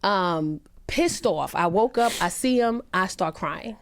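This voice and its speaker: A woman's voice: expressive, slow pace. Earnest woman comedian telling a serious story. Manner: earnest, emphatic storytelling with rising pitch on quoted lines. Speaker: comedian guest. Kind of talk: podcast conversation, telling a personal story.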